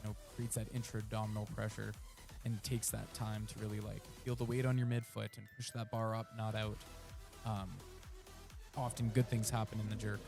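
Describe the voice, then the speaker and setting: A male weightlifting commentator walks listeners through technique in a steady, flat, coaching way, with plenty of ums. Music plays clearly in the background of his stream. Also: fairly low pitch, normal speed. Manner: explanatory, coaching tone, many fillers. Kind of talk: live sports commentary.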